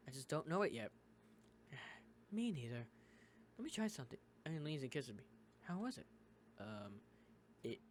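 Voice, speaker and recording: A gaming YouTuber from the United States reading a visual novel aloud, switching character voices and breaking in with quick asides. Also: medium pitch, a bit bright, a little hiss or hum.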